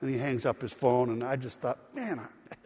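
A man's voice: medium pitch, normal speed, a little mellow, husky, long reverb tail. A man preaching a sermon as pastor, telling a story and rising to emphatic points. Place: church sanctuary.

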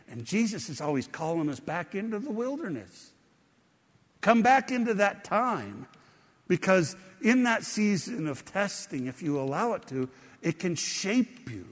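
Conversational pastor preaching in a reverberant hall. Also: male voice, fairly high pitch. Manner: conversational preaching with rising emphasis. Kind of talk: sermon.

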